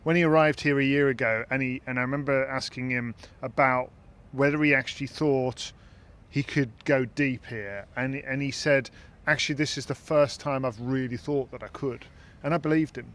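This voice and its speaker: A man chatting as a podcast host, mid-pitched and conversational. He thinks aloud, stumbling and repeating small words as he works out his point. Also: fairly even intonation, moderate pace, hardly any pauses, a bit bright. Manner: thoughtful, repeats words while searching for phrasing. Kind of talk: casual discussion.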